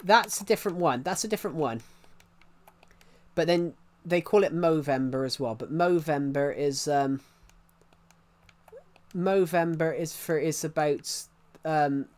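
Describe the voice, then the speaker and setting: A man's voice: fairly high pitch, measured pace, long pauses. A young man chatting casually on a live stream, rambling with many restarts and laughing at his own jokes. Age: young adult.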